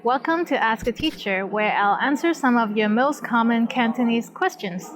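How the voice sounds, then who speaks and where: A woman teacher presenting a scripted language lesson in a clear, explanatory way. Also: on the high side, poor audio.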